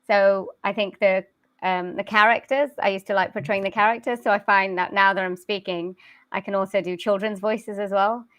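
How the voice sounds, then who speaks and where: A woman's voice: mid-range voice, fairly even intonation, moderate pace, fairly bright tone, dry recording. Modest British woman, dry close sound. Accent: general British. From South Wales. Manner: modest, hesitant, laughs often. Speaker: singer and voice-over artist. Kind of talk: casual interview chat.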